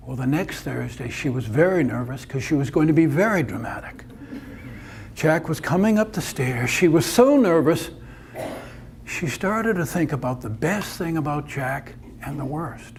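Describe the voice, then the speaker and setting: A man's voice: fairly high pitch, lively intonation, moderate pace, creaky, slight background noise. A man performing a dramatic told story, narrating it vividly.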